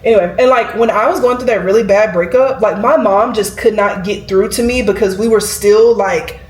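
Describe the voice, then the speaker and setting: A woman's voice: medium pitch, normal speed, a little mellow, slight background noise. A woman, chatting and rambling to camera as a vlogger, with lots of "like" fillers. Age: 20s. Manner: chatty, rambling, heavy use of "like". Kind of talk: casual chat to camera. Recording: roomy echo.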